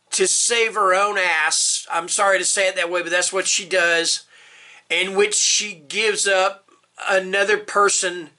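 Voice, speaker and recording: A man's voice: high voice, pushed and bright. A middle-aged man chatting casually about books, rambling and emphatic, often checking in with "all right?" and swearing now and then. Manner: openly emotional, swears. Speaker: book reviewer. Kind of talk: casual booktube tag video.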